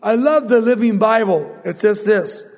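A man preaching a Bible sermon as an animated storyteller who acts out the quotes. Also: high-pitched, normal speed, big-room sound. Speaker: pastor.

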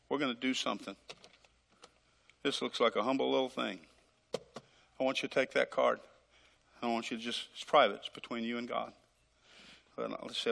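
A man's voice: mid-range voice, creaky, a bit bright. A man preaching a dramatic sermon as pastor, acting out conversations with God, recorded live in a church. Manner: dramatic, acts out dialogues with God. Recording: live hall reverb.

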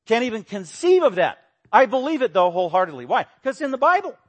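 A man preaching a sermon, emphatic, swinging between loud exclamations and quiet explanation. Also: sing-song, fast. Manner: emphatic, rising to loud exclamations then dropping low. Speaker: pastor.

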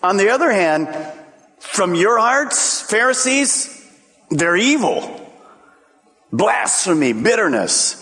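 A man preaching a sermon, acting out quick exchanges of dialogue as he goes. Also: sits high, very animated, bright, forceful tone. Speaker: pastor. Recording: long reverb of a large hall.

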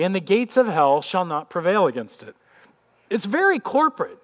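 A middle-aged pastor delivers a sermon in a fairly high voice. He talks to the congregation in an easy, conversational way and leans on rhetorical questions. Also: very animated, fairly quick.

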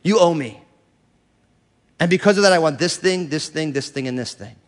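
A middle-aged man preaching with lively energy, his voice sitting a little higher than most men's. He slips in and out of playful voices of churchgoers. The sound rings with the long reverb of a large church hall. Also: quick pace. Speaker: pastor. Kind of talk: sermon.

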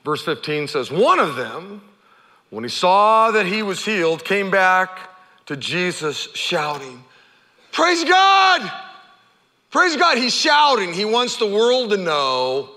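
A man preaching from the pulpit, his voice bright and high-pitched. He tells the story with lively energy and acts out the characters' cries, and his words ring with a long reverb in a large hall. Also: slow pace. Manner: animated storytelling, acting out the characters' shouts. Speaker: pastor. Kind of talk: sermon.

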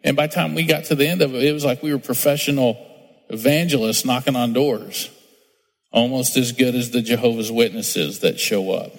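Preaching from a church sanctuary, this middle-aged pastor has a medium-pitched, creaky voice, keeps a steady tone and moves fairly quickly. His sermon is chatty and story-driven, with quotes performed in different voices, all carried by a long hall reverb.

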